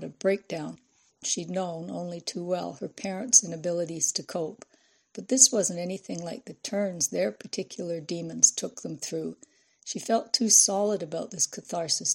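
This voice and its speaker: A woman narrating an audiobook in a measured, expressive reading voice. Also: lowish voice, gravelly, breathy edge.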